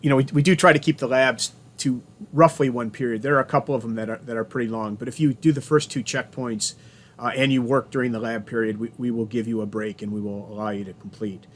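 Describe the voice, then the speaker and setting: A man's voice: mid-range voice, steady tone, fast talker, a little hiss or hum. A man giving a remote college lecture over a video call, chatty, often restarting his sentences and telling corny jokes.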